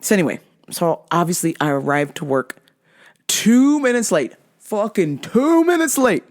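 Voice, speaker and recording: A woman's voice: lowish voice, very animated, moderate pace. A woman hosting a podcast, telling stories in a profane, ranting way. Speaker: podcast host. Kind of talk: casual profane storytelling.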